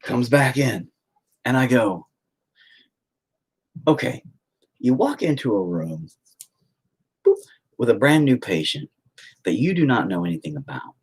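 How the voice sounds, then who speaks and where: A man's voice: mid-range voice, big pitch swings, measured pace, long pauses, husky. A man chatting casually on a phone livestream from home, rambling and swearing freely as he tells stories. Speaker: livestreaming painter.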